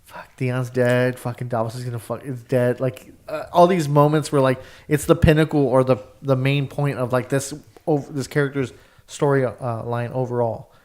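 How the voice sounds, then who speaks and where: A man in casual podcast talk with friends, at a middle pitch. He rambles, searches for words, and swears often. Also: fairly even intonation, moderate pace, a little mellow. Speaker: podcast co-host. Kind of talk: casual recap chat.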